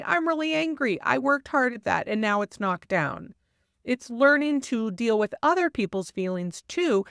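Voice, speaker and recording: A woman hosting a parenting podcast, explaining advice in a calm, steady way and sometimes livening up to model what a parent might say. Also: medium pitch, clear, resonant tone, no echo, clean studio sound. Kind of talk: advice monologue.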